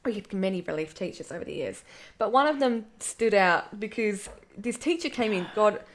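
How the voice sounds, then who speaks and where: A young woman, co-hosting a casual chat and recalling school days in a relaxed, giggly way. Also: medium pitch, moderate pace. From Australia. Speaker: podcast co-host.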